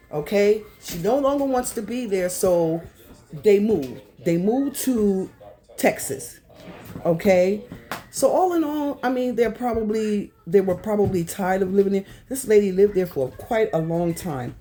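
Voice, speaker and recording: Emphatic woman with a dark, low voice. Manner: emphatic, repetitive, addresses viewers directly. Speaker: YouTube commentary host. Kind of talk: casual commentary to viewers.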